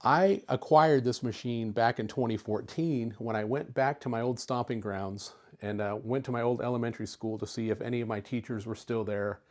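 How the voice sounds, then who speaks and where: A man's voice: mid-range voice, steady tone, moderate pace, hardly any pauses. Easygoing middle-aged man telling a story. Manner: chatty, easygoing, with filler words. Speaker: retro computer YouTuber. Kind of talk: casual storytelling to camera.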